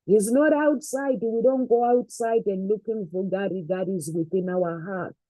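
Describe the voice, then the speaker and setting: A woman's voice: mid-range voice, measured pace, dark tone, no room sound, poor audio. A woman giving an earnest, faith-based motivational talk, repeating phrases for emphasis. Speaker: motivational speaker.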